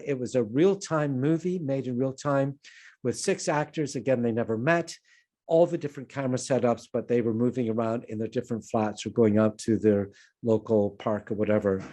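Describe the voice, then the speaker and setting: An older man from Canada talks through a filmmaking lecture on a video call. His voice sits at an everyday middle pitch. He wanders from point to point and pokes fun at himself along the way. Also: warm tone. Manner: anecdotal, self-deprecating, digressive. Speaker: film producer and lecturer. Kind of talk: online conference talk.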